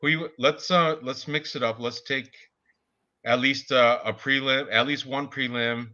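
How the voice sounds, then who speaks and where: A man co-hosting a casual sports betting chat, talking excitably and laughing at his own jokes. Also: mid-range voice, measured pace, dull audio. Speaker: podcast co-host.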